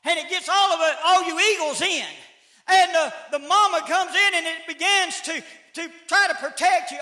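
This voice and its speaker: High bright-voiced preacher, echoey church. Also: male voice, moderate pace. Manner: folksy, rising to shouted emphasis, calls out to the congregation. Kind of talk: sermon. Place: church sanctuary.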